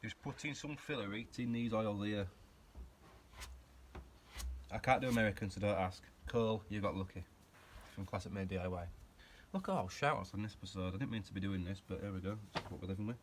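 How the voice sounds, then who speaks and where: A man's voice: sits low, fast, a little hiss or hum. A man chatting casually while he works on a car in his garage, rambling and poking fun at himself. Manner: chatty, self-mocking, rambling asides while working. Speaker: hobby car restorer and channel host. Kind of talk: casual workshop vlog chat.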